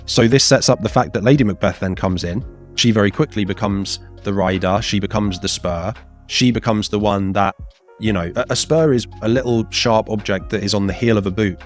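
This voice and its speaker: A man in his thirties teaching a casual exam revision lesson, chatty and animated, slipping into playful voices for the quotes. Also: fairly low pitch, brisk, soft background music.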